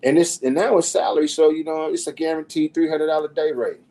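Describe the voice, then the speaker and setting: A middle-aged man, a podcast guest, telling stories in a loud, profane, animated way and acting out the people he quotes. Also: fairly high pitch, fast, poor audio. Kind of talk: casual storytelling.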